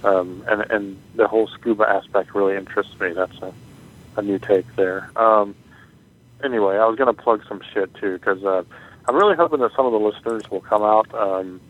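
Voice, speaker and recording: A man's voice: fairly low pitch, fairly quick. A man from Florida leaving a chatty voicemail, listing upcoming events with plenty of ums. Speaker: voicemail caller. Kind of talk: casual voicemail plug. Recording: tinny phone-line voicemail.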